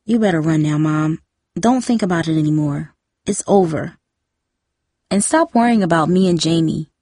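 A woman's voice: sits low, normal speed, warm tone, no echo, clean studio sound. A woman voicing an earnest, studious teenage girl in a storybook reading. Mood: warm.

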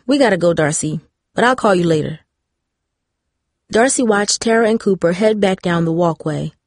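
A woman narrating a novel in a measured audiobook reading, giving the characters light voices of their own. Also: medium pitch, darkish tone, no room sound, studio quality.

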